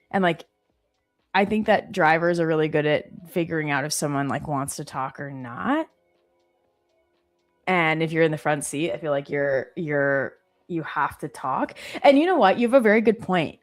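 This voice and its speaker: A woman in her thirties hosting a live trading stream, chatting casually and telling stories with many fillers. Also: fairly low pitch.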